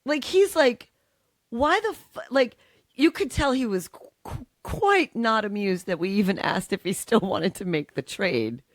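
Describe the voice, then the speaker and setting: A middle-aged woman co-hosting a podcast, telling a long story in animated, swearing, laughing casual chat. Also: medium pitch, moderate pace, no echo. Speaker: podcast co-host.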